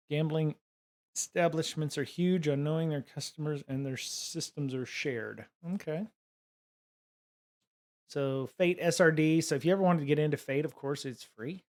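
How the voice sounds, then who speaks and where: A man's voice: a little high, measured pace, long pauses. A man hosting a live-stream podcast, talking casually and musing aloud in a rambling way.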